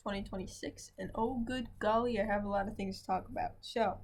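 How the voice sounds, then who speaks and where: A woman's voice: medium pitch, steady tone, brisk, a little mellow, a little hiss or hum. A young adult woman, a student, telling a casual diary vlog from home in a rambling, chatty way that keeps asking "right?". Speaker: vlogger, student.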